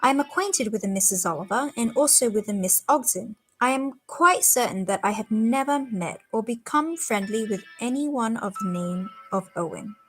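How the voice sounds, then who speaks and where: A woman's voice: a little high, lively intonation, normal speed, hardly any pauses, faint music behind, lightly acted, low-quality recording. A woman reading aloud and voicing a prim, decided older spinster.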